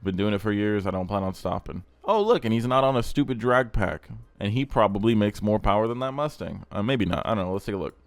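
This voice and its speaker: A man's voice: on the low side, lively intonation, fast talker, hardly any pauses, dry recording. A young man hosting a car channel, giving blunt, crude, rambling casual commentary.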